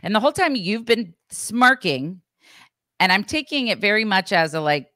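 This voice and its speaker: A woman's voice: medium pitch, sing-song, normal speed, pushed and bright, no room sound, studio quality. A woman co-hosting a podcast, telling a family story in casual chat, acting out quotes and swearing freely. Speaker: podcast co-host.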